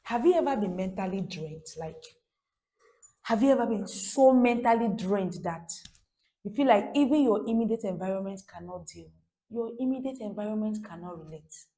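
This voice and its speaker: A woman's voice: medium pitch, lively intonation, moderate pace, warm tone. A woman teaching a French lesson for beginners, repeating phrases and asking her viewers rhetorical questions.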